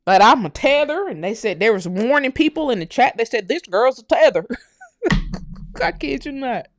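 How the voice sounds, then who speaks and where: A woman with a Southern US accent hosting a casual livestream, ranting loudly, cursing and laughing as she talks. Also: a little high, animated, moderate pace. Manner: loud, profane and laughing. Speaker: livestream host.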